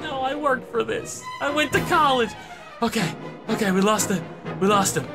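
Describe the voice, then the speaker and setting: A man giving comedic gameplay commentary, excitable and mock-serious with crude jokes. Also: very high voice, normal speed. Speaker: gaming commentator. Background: background music.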